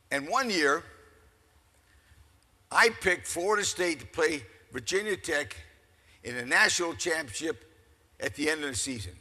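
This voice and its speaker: An older man giving a keynote speech, telling stories in an animated, folksy way to a crowd. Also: a little high. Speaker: keynote speaker. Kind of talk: storytelling speech. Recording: echoey hall.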